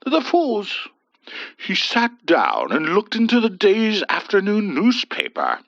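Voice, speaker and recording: A man's voice: high voice, huge pitch swings, unhurried, creaky, fairly bright tone, no echo. A man narrating a scripted horror story with a theatrical, swooping delivery. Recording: dull dry lo-fi voice.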